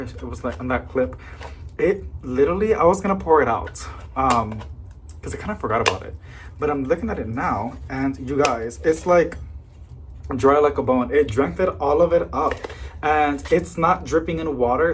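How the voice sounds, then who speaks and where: A young adult plant vlogger at home, chatting casually and rambling, with sudden excited squeals. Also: mid-range voice, husky. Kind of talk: casual vlog chat. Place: home among houseplants.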